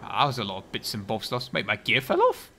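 A man giving chatty, sarcastic gameplay commentary, muttering one moment and bursting out loudly the next. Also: fairly low pitch, wildly swooping pitch, a little fast, background noise. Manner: chatty and sarcastic, swinging from mutters to loud outbursts, heavy slang. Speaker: video game commentator.

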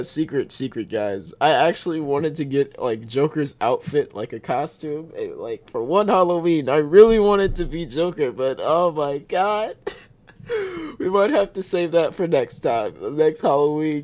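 A young man hosting a gaming channel, reacting excitedly with frequent laughter, slang and swearing. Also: fairly high pitch. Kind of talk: casual game reaction commentary.

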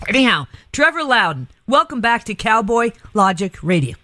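A woman hosting a talk radio show, chatty and quick to laugh. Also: on the high side, very animated, pushed and bright, dry recording. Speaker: radio host. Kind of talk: casual talk radio chat.

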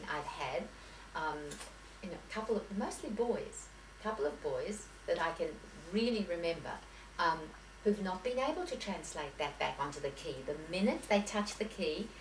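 A woman piano teacher giving a lecture to teachers, talking in a chatty, anecdotal way with many restarts and self-corrections. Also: fairly low pitch. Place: lecture room. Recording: echoey room, voice from far off, faint hiss.

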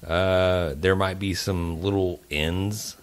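A man's voice: low voice, steady tone, slow pace. A man co-hosting a barbecue podcast, chatting casually, rambling and correcting himself as he goes. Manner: rambling, self-correcting, swears while laughing. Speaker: podcast co-host. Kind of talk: casual chat.

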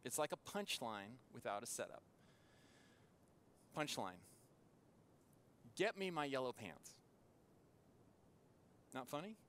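A man's voice: medium pitch, sing-song, a bit bright, a little hiss or hum. Earnest male pastor preaching. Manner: earnest, with dramatic pauses. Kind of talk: sermon. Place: church.

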